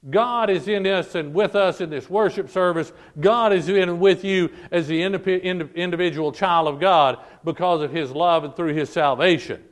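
A man with a fairly high voice preaches with fervent emphasis, repeating phrases and drawing out the words he stresses. He leans on the congregation, calling them folk and pressing each point home. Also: moderate pace, hardly any pauses. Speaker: pastor. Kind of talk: sermon. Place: church service.

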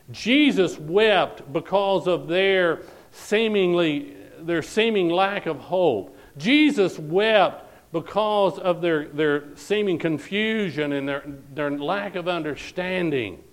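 A man's voice: a little high, animated, takes it slowly, low-quality recording. A man preaching a sermon, reading scripture aloud and pressing each point with repeated phrases and "All right?".

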